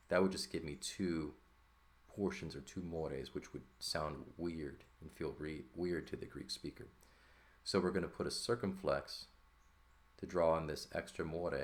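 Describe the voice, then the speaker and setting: Very deep-voiced man teaching. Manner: explanatory, checks in with "right?" often. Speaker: Greek teacher. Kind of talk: explaining at a board.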